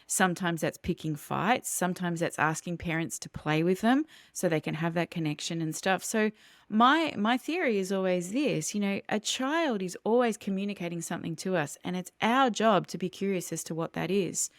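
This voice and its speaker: Low-voiced woman explaining parenting. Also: animated, moderate pace, dry recording, studio quality. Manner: earnest, explanatory, with vivid role-played examples. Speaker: parenting educator guest. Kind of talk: podcast interview.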